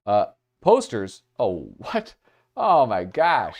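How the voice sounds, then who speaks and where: A man's voice: on the low side, very animated, a little slow, darkish tone. A man hosting a livestream, chatting casually as he flips through art. He gets distracted easily and reads out chat comments. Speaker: livestream host.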